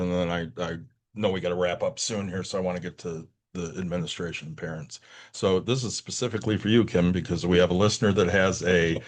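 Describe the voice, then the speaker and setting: A man hosting a podcast, reading out listener questions and teasing his co-host in a casual chat. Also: sits low.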